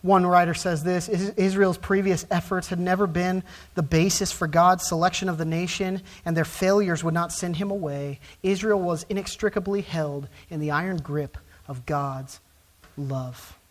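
A man preaching a sermon from the pulpit. His delivery rises to loud, emphatic stresses on key words and then drops back to low, quiet phrases. The pace slows for emphasis and speeds up for asides. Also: fairly even intonation. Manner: emphatic preaching with wide swings from soft to loud. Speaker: pastor.

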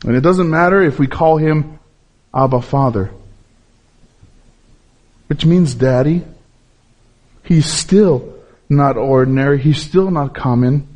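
Male preacher, high-pitched voice, emphatic sermon delivery with repetition for stress. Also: darkish tone. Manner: emphatic, repeats words for stress, drops low and slow on key points.

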